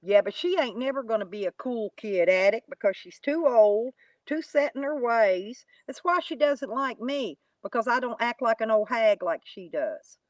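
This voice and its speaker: A woman's voice: fairly high pitch, animated, moderate pace, dry recording, lo-fi sound. A woman, chatting casually to live viewers in a rambling, folksy, mocking way. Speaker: YouTube live streamer.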